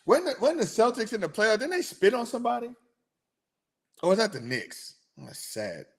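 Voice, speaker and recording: A young man hosting a sports podcast, chatting in a rambling, animated way and answering his listeners. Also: high-pitched, normal speed. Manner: rambling, animated, talks to chat viewers. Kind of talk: casual chat.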